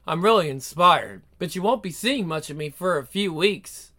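A man's voice: fairly high pitch, lively intonation, moderate pace, sharp tone. A man voicing an eager young novelist who speaks earnestly and with enthusiasm.

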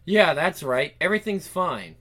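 A man's voice: on the high side, big pitch swings, moderate pace, a bit bright. A man voicing a game's hero, thinking aloud in a panicky way and swearing often. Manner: cursing, panicky, talks to himself. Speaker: player voicing the protagonist. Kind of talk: game voice-over playthrough.

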